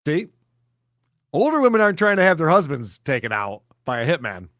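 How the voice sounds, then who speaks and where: A man's voice: fairly high pitch, sing-song, brisk, fairly bright tone, no room sound, clean studio sound. A man co-hosting a comedy podcast, trading sarcastic quips and mock-serious asides. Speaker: podcast co-host. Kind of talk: casual comedic chat.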